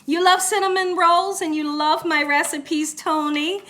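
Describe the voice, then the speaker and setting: A woman's voice: very high voice, flat delivery, unhurried, sharp tone. A woman, chatting casually on a cooking livestream in her home kitchen, reading viewer comments aloud and laughing often. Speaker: cooking channel host.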